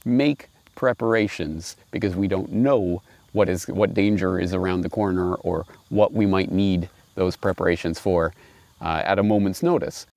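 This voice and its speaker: Man, low voice, animated, wry commentary, dry close sound. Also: normal speed, no room sound. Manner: animated, wry, laughs at his own points. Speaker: host. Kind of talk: reading fables with political commentary.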